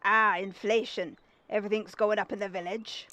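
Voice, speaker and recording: A woman voicing a gruff old male fisherman in a game, with a put-on accent that keeps wandering. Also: medium pitch, steady tone, normal speed, pushed and bright, no echo, lightly acted. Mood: haggling.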